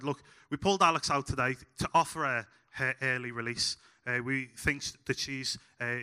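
Scouse male preacher, joking storyteller with lots of "uh"s, sharp bright tone. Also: fairly high pitch, smooth. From Liverpool, England. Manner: humorous storytelling with frequent "uh" fillers. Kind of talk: sermon.

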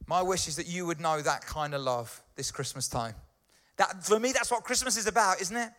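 Man, pastor, conversational sermon, keeps checking in with listeners, bright tone. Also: high-pitched, lively intonation, fairly quick.

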